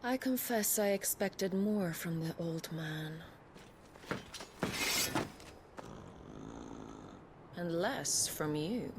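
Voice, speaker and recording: A woman's voice: lowish voice, slow pace, noisy background. A woman voicing a scheming, mocking winged villainess in a game cutscene, speaking in a taunting, haughty way. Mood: seductive.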